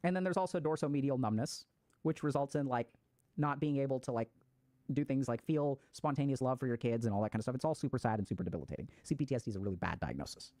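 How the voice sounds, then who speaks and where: A man's voice: mid-range voice, lively intonation, fast, mellow, no room sound. Casual, cursing man explaining trauma. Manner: casual, swears freely, acts out quoted reactions. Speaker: mental health explainer. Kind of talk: explanatory talk.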